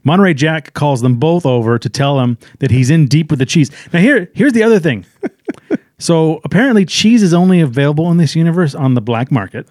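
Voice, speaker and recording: A man co-hosts a casual movie review podcast, retelling the plot in a loose, rambling way full of fillers. His voice sits a touch high, and the sound is dry and close. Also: lively intonation, darkish tone, dry recording. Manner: rambling, quick interjections, frequent fillers. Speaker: podcast co-host.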